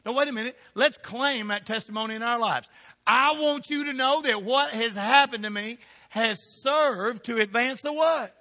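A man preaching a sermon in church, swinging between loud calls and hushed asides. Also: very high-pitched, normal speed.

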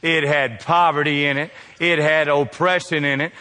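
A man preaches call-and-response style, throwing questions out to the congregation. His voice is bright and carries, swinging from high, loud bursts down to low, hushed lines. A long reverb trails behind him in a large hall. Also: steady tone, normal speed, hardly any pauses. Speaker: pastor. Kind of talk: sermon.

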